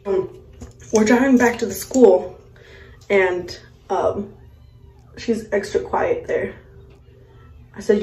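A woman's voice: mid-range voice, takes it slowly, long pauses, dark tone. A young woman, a mother, telling a story in a casual vlog while doing her makeup, blunt, profane and exasperated. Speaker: vlogger, mother. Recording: echoey room.

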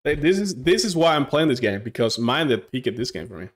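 A young man streaming a game live, chatting excitedly with his viewers and reacting as he plays. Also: mid-range voice, a little fast. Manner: excitable, chatty, talks to chat. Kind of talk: casual live game commentary.

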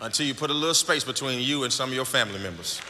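A pastor preaching a sermon, swinging from shouts and half-sung lines to quiet, low stretches. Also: male voice, rapid-fire. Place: church sanctuary. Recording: large echoing church hall with crowd noise.

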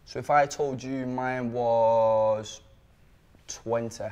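A man's voice: mid-range voice, fairly even intonation, slow, a little mellow, clear, resonant tone, highs cut off. A man with a Manchester accent hosting a dating show, blunt, teasing and sweary in casual banter. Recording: chattering crowd behind.

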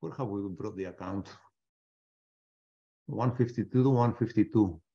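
A man with a lowish, mellow voice hosts a live trading webinar at a measured pace, thinking aloud as he trades. He often restarts sentences and throws in joking asides, and the webinar audio is dull and lo-fi.

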